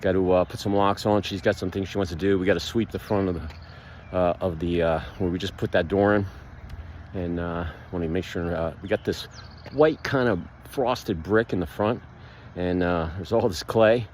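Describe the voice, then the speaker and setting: A man talking casually while walking outside, rambling with lots of fillers and animated outbursts, recorded on a phone. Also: low-pitched, moderate pace, slight background noise. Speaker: vlogger, builder. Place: outdoors, walking past a pool.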